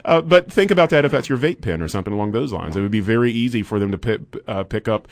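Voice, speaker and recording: A man's voice: lowish voice, animated, rapid-fire, no echo. A young adult man hosting a casual radio interview, chatty with frequent restarts and sarcastic asides. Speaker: radio show host. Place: radio studio.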